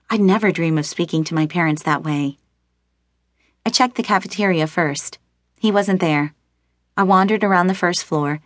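Female audiobook narrator, lower pitch, dry studio sound, first-person storytelling. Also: no room sound. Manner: first-person storytelling, voicing characters with light shifts. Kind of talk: scripted narration.

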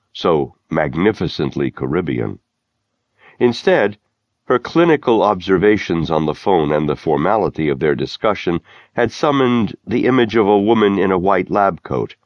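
A man narrating a novel in a measured, steady storytelling manner, recorded close in a studio. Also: sits low, no room sound, dull audio. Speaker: audiobook narrator. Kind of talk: scripted narration.

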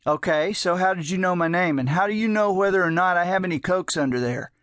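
A man voicing a guarded, sullen young man who answers flatly and curtly. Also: high-pitched, fast talker, no room sound, studio quality, pitched above the performer's own voice. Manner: flat, curt.

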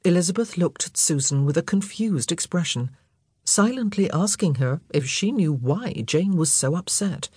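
A woman narrator reading a novel in a measured, storytelling voice. Her tone is low and mellow with a husky grain, recorded close in a dry booth. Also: lively intonation, no room sound. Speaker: audiobook narrator. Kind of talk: scripted narration.

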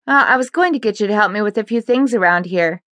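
A woman's voice: medium pitch, animated, fast talker, a bit bright, dry recording, close to an everyday voice. A woman voicing a tired single mother in her forties, dry and mildly exasperated, in an audiobook.

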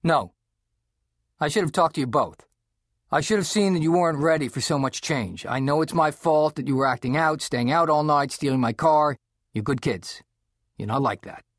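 A man's voice: fairly high pitch, moderate pace, a bit bright, dry recording, studio quality, pitched above the performer's own voice. A man voicing an earnest, firm middle-aged father in an audiobook. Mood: remorseful.

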